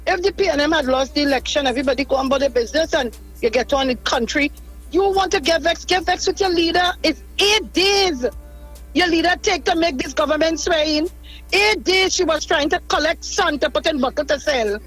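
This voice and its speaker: An older Trinidadian grandmother calling a radio show by phone from her car, animated and scolding. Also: high-pitched, fairly quick, faint music behind, poor audio. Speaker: caller. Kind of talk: call-in radio talk.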